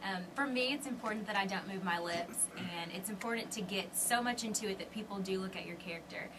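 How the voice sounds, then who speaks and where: A young woman with a Southern US drawl answers questions with bright eagerness. She sounds a little far from the microphone. A steady hiss of background noise sits under her voice. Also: mid-range voice, a little fast. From Arkansas. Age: young adult. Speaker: guest ventriloquist. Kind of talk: radio interview. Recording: distant mic with background noise.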